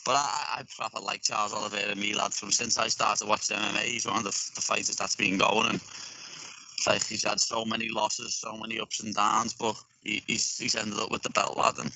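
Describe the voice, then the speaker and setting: A man's voice: fairly low pitch, little pitch movement, fairly quick, sharp tone, no room sound, poor audio. A young man with a Scouse accent, a fighter talking bluntly and with heavy swearing in a remote interview. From Liverpool, England. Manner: blunt and profane, lots of slang. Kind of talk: casual interview. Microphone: earphones on a remote call. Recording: faint noise on a dying headset line.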